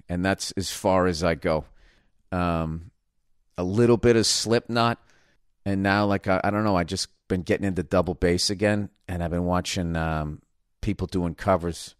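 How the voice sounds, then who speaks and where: In a clean, echo-free studio, a deep-voiced man hosts a podcast, rambling through a casual comedic monologue full of swearing and sudden mocking voices.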